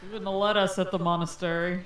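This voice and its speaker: A woman's voice: lowish voice, little pitch movement, fast talker, roomy sound, far from the mic, rough recording. A woman playing a tabletop game, chatting casually with the table. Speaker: player.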